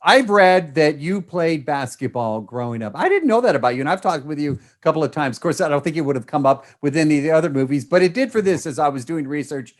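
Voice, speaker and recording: A man's voice: a little high, expressive, fast talker, hardly any pauses. A man interviewing film talent at a press junket, effusive and enthusiastic.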